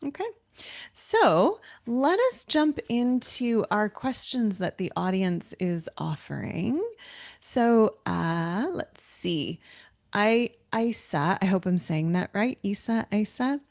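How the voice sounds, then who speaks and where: A woman's voice: mid-range voice, expressive, slow pace, creaky, a little mellow. A woman hosting a health webinar, chatting with a guest and reading audience questions, upbeat and practical, often affirming with "yeah". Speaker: webinar host. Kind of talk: conversational webinar, moderating questions.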